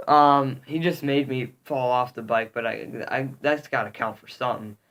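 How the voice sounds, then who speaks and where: A man vlogging to camera, telling a story in a rambling, halting way with lots of fillers, upset and indignant. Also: medium pitch, fairly bright tone. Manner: rambling, halting, heavy on "um" and "literally".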